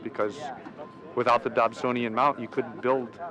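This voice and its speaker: A man, an amateur astronomer, explaining slowly and with some hesitation in an interview. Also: mid-range voice, flat delivery, a crowd in the background. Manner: slow, measured, hesitant.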